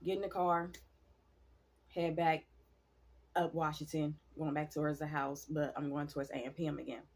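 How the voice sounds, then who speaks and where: Brief: casual woman storyteller, husky and lowish, animated, salty language. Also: normal speed. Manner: animated, talks to viewers, swears freely. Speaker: storyteller vlogger.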